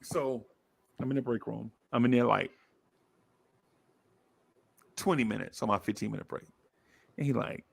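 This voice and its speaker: A man telling a story in a casual podcast chat, animated and acting out the voices of the people in it, often repeating himself for emphasis. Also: medium pitch, normal speed, creaky, pauses often, breathy edge.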